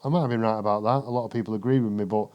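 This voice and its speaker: British male guest, casual storyteller, foul-mouthed and animated, mellow tone. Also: on the low side, rapid-fire, clear, resonant tone. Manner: profane, animated, lots of swearing. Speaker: podcast guest.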